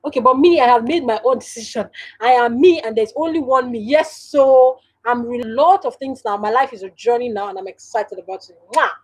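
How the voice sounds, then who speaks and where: A woman with a Nigerian English accent hosts a casual live stream from home, chatting directly to viewers and laughing often. Her voice is a little high and a little fast, and the recording is low quality.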